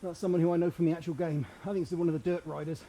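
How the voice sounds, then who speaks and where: A man's voice: fairly high pitch, flat delivery, very fast, mellow, a little hiss or hum. A man commenting on his own cycling race while riding hard and out of breath, chatting and reading out viewer comments. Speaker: cyclist streaming a virtual race. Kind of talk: live ride commentary.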